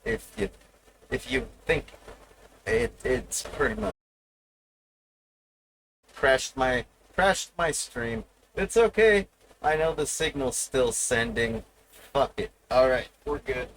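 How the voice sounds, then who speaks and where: Slow, gravelly-voiced male streamer. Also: medium pitch, animated, fairly bright tone, slight background noise, rough recording. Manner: rambling, profane, teasing the viewers. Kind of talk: casual live stream chat.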